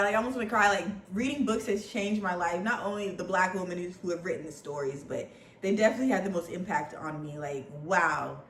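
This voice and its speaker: A young woman vlogging casually about books, chatty and animated, often saying "y'all.". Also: mid-range voice. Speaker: book vlogger. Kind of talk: casual chat. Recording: echoey room, faint background hum.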